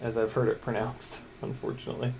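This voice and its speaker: A man at an indoor workbench chats loosely with his stream while building a drone. He jokes and mutters, coaxing stubborn parts into place under his breath. A faint hiss sits behind his mid-pitched voice. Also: little pitch movement, a little fast, darkish tone. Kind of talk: casual livestream chat while building.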